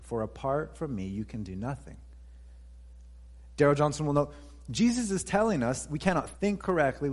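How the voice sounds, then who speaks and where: A man's voice: mid-range voice, a little mellow, slightly rough, long reverb tail. A man preaching a sermon as pastor, earnest, repeating key phrases for emphasis.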